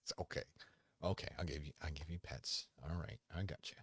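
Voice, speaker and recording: A man hosting a casual livestream from home into a desk microphone, rambling and halting, often talking fondly to his dog. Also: very deep voice, fairly bright tone, slight background noise. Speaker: podcast host.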